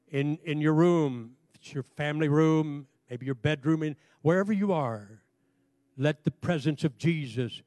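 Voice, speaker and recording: A man's voice: on the high side, darkish tone, no room sound. A man preaching a sermon as pastor, fervent, leading his congregation in call and response before an altar call. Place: church sanctuary, also streamed online.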